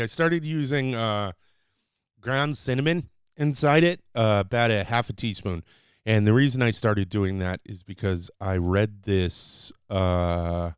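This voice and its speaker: A man hosting his own podcast, chatting loosely and unscripted, teaching short phrases with lots of fillers and the odd excited burst. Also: fairly low pitch, clear, resonant tone, dry recording, clean studio sound. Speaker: podcast host.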